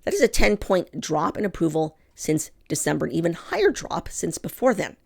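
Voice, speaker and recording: A woman's voice: fairly low pitch, big pitch swings, normal speed, gravelly. A woman hosting a political commentary show, talking straight to her listeners with strong feeling and heavy emphasis. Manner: impassioned, emphatic, addresses listeners as "people". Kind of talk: commentary monologue to camera.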